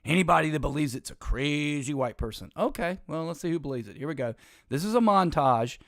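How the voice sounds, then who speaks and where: A man's voice: on the high side, lively intonation, brisk, no echo, studio quality. A man hosting an opinionated political commentary show, talking emphatically and in a rambling way, with frequent restarts and sarcastic asides.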